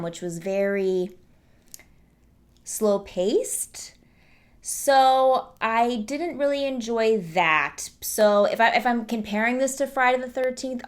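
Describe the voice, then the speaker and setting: A young woman hosting her own horror movie review, talking casually and animatedly, mocking the characters by quoting them in put-on voices. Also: medium pitch.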